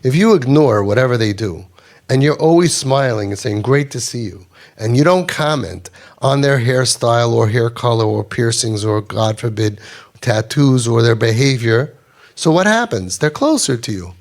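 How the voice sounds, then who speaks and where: A man's voice: mid-range voice, animated, moderate pace. A man giving a Torah lecture in English with an Orthodox Jewish accent, reading Hebrew quotes and explaining them with repetition for emphasis. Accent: Orthodox Jewish English with Ashkenazi Hebrew. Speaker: rabbi teaching a class.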